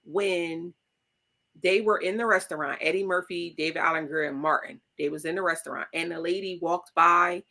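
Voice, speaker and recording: A woman's voice: fairly low pitch, normal speed, vocal fry. A young adult woman co-hosting a casual podcast chat, telling stories animatedly and acting out quoted lines. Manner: animated storyteller, acts out quotes, laughs loudly. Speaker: podcast co-host.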